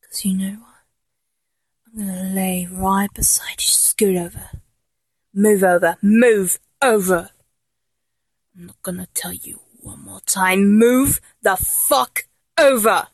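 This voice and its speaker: A woman's voice: medium pitch, flat delivery, a little slow, breathy edge, no room sound, rough recording. A woman with an English accent voicing an obsessive, vengeful young woman fan in a whispered role-play, swinging between menacing whispers and manic laughter. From England.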